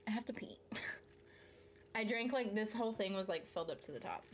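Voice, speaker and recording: A woman's voice: mid-range voice, expressive, very fast, a little mellow, slight background noise. A woman from the South, chatting casually on a live stream, reading out viewer comments and answering them in a rambling way, swearing freely and laughing mid-sentence. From Southern United States.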